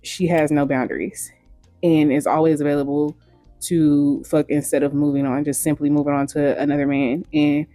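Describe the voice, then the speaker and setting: A woman's voice: deep voice, flat delivery, normal speed, mellow, no room sound, soft background music. A woman hosting opinionated commentary, speaking bluntly and frankly with casual profanity. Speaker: host.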